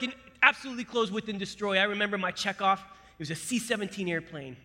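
A man with a high, very bright and forceful voice tells his military story to a crowd. He swings from quiet, hushed lines to loud, punchy bursts. Long reverb from a big hall trails every phrase. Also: fast, hardly any pauses. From United States. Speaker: military veteran speaker. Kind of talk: motivational storytelling talk to a live audience.

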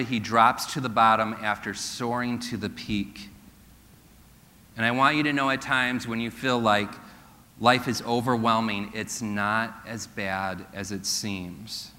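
A male pastor giving an earnest sermon in a church and slowing to a hush for key points. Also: mid-range voice. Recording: long hall reverb.

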